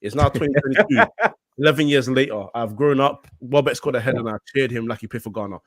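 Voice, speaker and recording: A laid-back man chats as a podcast guest, joking and filling pauses with ums. His mid-pitched voice sounds dry and close. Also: expressive, fairly bright tone, no room sound. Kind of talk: casual chat.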